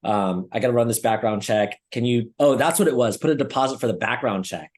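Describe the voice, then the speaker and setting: A man's voice: mid-range voice, fairly quick. Rambling young man telling a story. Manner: rambling storytelling with frequent fillers and swearing. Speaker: podcast co-host. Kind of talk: casual chat.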